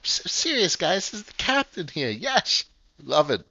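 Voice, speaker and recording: A man in his thirties hosting a casual crypto livestream, brash, profane and excitable. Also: a little high, a little slow, dry recording, highs cut off. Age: 30s.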